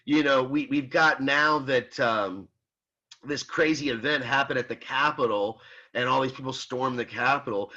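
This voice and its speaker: Bright-voiced male ethics instructor, rambling. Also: medium pitch. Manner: rambling, conversational, with many fillers and restarts; reads out student comments and answers them. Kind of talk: casual classroom lecture. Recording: slightly muffled recording.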